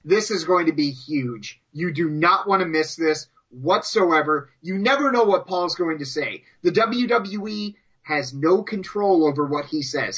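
Excitable podcast guy, high bright voice, kinda husky, dull lo-fi mic. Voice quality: excitable, joking. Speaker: podcast co-host. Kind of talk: casual chat, hyped promo.

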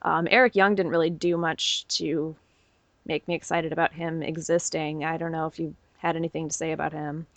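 A woman's voice: low-pitched, little pitch movement, fairly quick, dry recording. A woman co-hosting a podcast, giving an enthusiastic, opinionated casual recap. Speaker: podcast co-host. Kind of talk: casual wrestling recap chat.

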